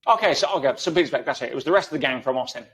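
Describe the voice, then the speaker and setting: A man's voice: mid-range voice, lively intonation, very fast, a bit bright, breathy edge. A man guest in an interview, explaining ideas emphatically through everyday analogies. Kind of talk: conversational interview.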